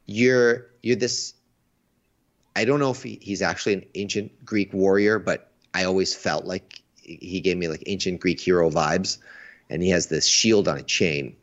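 Very deep-voiced man on a stream. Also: fairly even intonation, normal speed. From United States. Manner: enthusiastic, restarts words often. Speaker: stream co-host. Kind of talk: casual chat. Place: Asia. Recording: dull lo-fi sound.

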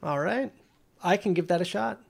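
Guy co-hosting a stream, bit high voice, chill short replies. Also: moderate pace, gravelly. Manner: easygoing, brief replies. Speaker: stream co-host. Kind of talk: casual chat.

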